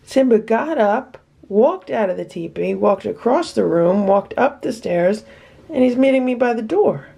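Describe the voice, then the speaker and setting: A woman's voice: a little high, animated, measured pace, creaky, warm tone, breathy edge. A woman narrating a casual home vlog, chatting about her cats and talking to them as she films. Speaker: cat rescuer vlogger.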